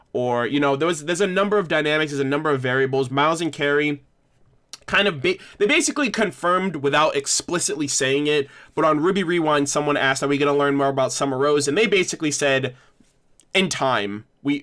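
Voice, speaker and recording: A man's voice: medium pitch, a bit bright. Chatty young man hosting a livestream. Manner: rambling, frequent restarts and fillers, thanks viewers. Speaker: livestream host. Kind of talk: casual livestream discussion.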